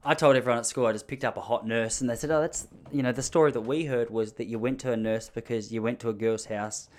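A man telling an embarrassing story from his youth in an animated, self-mocking way. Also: quick pace. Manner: animated, self-mocking, jumps into high panicky voices for his younger self. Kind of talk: comic storytelling.

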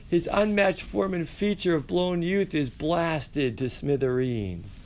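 A male teacher giving an animated, playful class lecture and asking his students questions. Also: a little high, unhurried. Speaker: high school teacher.

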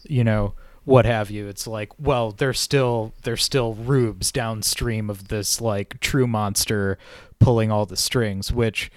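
A man's voice: fairly low pitch, steady tone, takes it slowly, no room sound. Analytical man on a dry podcast. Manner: analytical, hedging with fillers. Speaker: podcast co-host. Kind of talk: casual discussion podcast.

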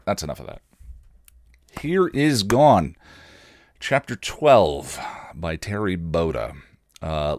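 A man with a deep voice hosts a podcast and reads fan fiction aloud, breaking off for chatty, self-mocking asides. The sound is dry and close. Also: no room sound. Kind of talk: casual podcast reading.

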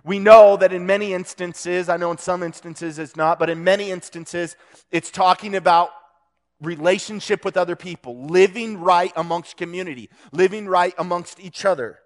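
High-voiced man giving a casual sermon. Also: moderate pace. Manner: conversational, joking, with restarts.

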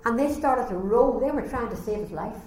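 A woman preaching a sermon, telling a story with animated delivery and acting out the voices. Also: fairly high pitch, normal speed. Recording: echoey room, faint ambience.

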